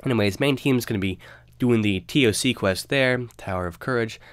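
A man's voice: mid-range voice, a little fast, dry recording. A young man with a stuffy, nasal voice from a cold, casually narrating a game guide with loose, rambling fillers. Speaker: game guide video host.

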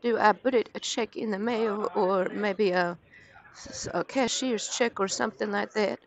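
A woman's voice: medium pitch, measured pace, lightly acted. A woman putting on the voice of a timid, confused elderly woman caller who hesitates and frets over her words. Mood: worried. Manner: hesitant, worried, fumbling for words. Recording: muffled lo-fi stream audio.

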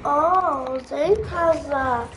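A woman's voice: sits high, very slow. A woman chatting casually to herself while playing a video game. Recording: noisy home recording.

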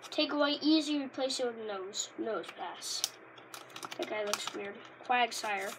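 A woman rambling casually in a vlog, easily delighted and bursting into loud exclamations. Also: a little high, a little slow, background noise. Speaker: Pokémon card reviewer. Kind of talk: casual unscripted vlog chat.

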